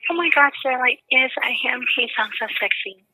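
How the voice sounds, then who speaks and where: A woman's voice: high voice, a little fast, sharp tone, slightly rough, no room sound, low-quality recording. A woman chatting on a call-in show, gushing and giggly. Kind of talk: casual phone chat.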